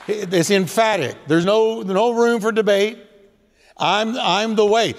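Male pastor, high voice, hammers points by repetition, long church reverb. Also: unhurried. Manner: emphatic, repetitive preaching. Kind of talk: sermon.

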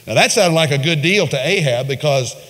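A male pastor preaching a sermon, retelling a story with dramatic pitch swings and voiced quotes. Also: expressive, fairly quick, a bit bright. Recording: long reverb of a large hall.

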